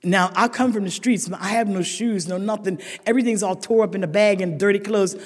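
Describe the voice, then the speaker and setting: An older woman sharing a humorous recovery story with a meeting, a lively storyteller who laughs often and rises to shouted emphasis. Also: medium pitch, brisk. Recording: echoey hall.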